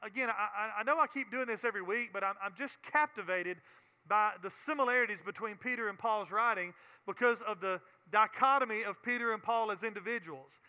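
A man's voice: sits high, brisk, pushed and bright, clear, resonant tone, big-room sound. A man with a Southern US accent teaching a Bible sermon in an earnest way, often repeating words and building to emphatic preaching.

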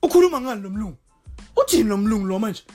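A woman's voice: mid-range voice, sing-song, warm tone, soft background music. A woman putting on a baffled young Zulu man. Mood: puzzled. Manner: rapid, puzzled muttering.

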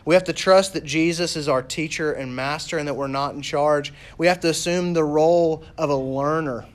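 A man's voice: on the high side, fairly even intonation, normal speed. A man preaching a sermon, emphatic and repeating his key points.

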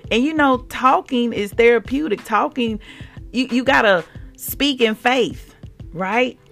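Woman doing a faith podcast, gravelly voice, really expressive, soft music under it. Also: a little high, slow. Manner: animated, expressive, acts out quotes. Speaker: podcast host. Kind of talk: devotional faith podcast talk.

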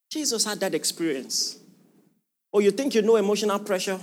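A man's voice: high voice, expressive, fairly quick, slight background noise. A man preaching a sermon to a congregation in a church hall, asking them rhetorical questions. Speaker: pastor.

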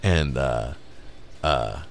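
A man's voice: a bass voice, very slow, vocal fry. A man casually telling a rambling, profane story on a podcast, laughing as he goes. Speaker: podcast host.

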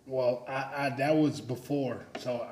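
A man in casual faith talk, telling stories about himself in an animated, self-mocking way. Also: mid-range voice, unhurried, echoey room.

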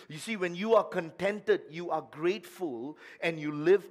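A man's voice: high voice, moderate pace, hardly any pauses, darkish tone. A male pastor preaching a midweek sermon, asking the congregation questions and stressing his points.

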